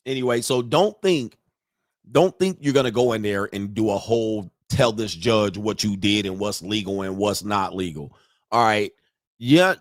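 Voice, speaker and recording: A man's voice: medium pitch, dry recording, studio quality. A man hosting a casual commentary stream, telling profane stories and acting out the people he quotes. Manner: animated storytelling, profane, acts out quotes. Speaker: host.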